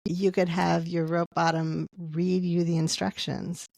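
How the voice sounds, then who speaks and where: A woman's voice: on the low side, little pitch movement, a little slow, creaky, a little mellow, no room sound. A woman author, a guest on a podcast, explaining her ideas at length in casual conversation. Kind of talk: casual interview chat.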